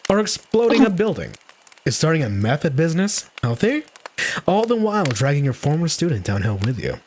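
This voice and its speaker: A man reads a story aloud live on stream, giggling through it and breaking into laughter. His pitch swings widely and animatedly, and a faint hiss sits under the voice. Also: a little mellow.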